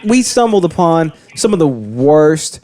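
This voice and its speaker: Young male podcast co-host; cocky, jokey, mellow voice with lots of swing. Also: a little high, sing-song, measured pace. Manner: boastful, joking, laughs often. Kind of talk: casual comedic podcast banter.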